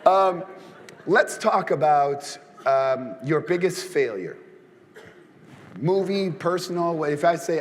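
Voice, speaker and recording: A man's voice: on the high side, expressive, slow, in a large hall, slight background noise. A man hosting an interview, asking playful, prodding questions. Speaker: interview host. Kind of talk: casual interview.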